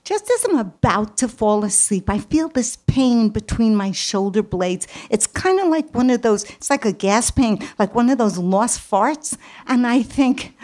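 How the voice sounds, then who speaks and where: A woman from Brooklyn with a New York accent, telling a personal story on stage with dramatic pauses and repetitions. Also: a little high, animated, darkish tone.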